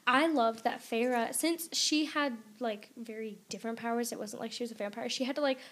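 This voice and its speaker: A young woman co-hosting a book podcast in casual chat, animated and laughing often. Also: on the high side, a little fast.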